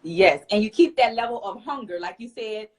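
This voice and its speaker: A woman's voice: medium pitch, animated, normal speed, rough recording. A woman hosting a talk show who asks interview questions and praises her guest encouragingly.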